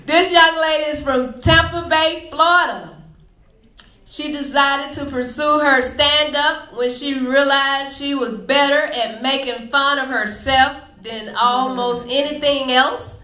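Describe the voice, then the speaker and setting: A woman who hosts a comedy show, telling stand-up stories in a loud, playful way and drawing out her punchlines. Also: high-pitched, fairly even intonation, takes it slowly. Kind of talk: stand-up comedy with emcee introduction. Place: comedy club stage. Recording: echoey comedy club room.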